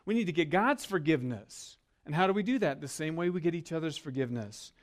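A man's voice: fairly high pitch, lively intonation, quick pace. A man preaching a sermon as a pastor, earnest and leading his listeners to repeat words with him. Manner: earnest, leads congregation call-and-response.

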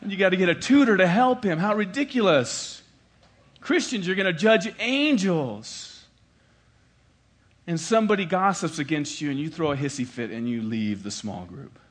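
A man's voice: high voice, expressive, moderate pace. A man, a pastor, preaching a sermon in a conversational way and repeating key lines for emphasis.

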